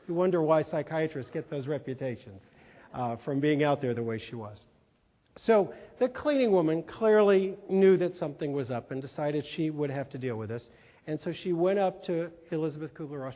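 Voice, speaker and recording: Man, high-pitched, folksy storyteller, humorous asides, long hall reverb. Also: fairly quick, dark tone. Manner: folksy, humorous, with quoted voices. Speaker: keynote speaker. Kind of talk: storytelling conference talk. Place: large conference hall.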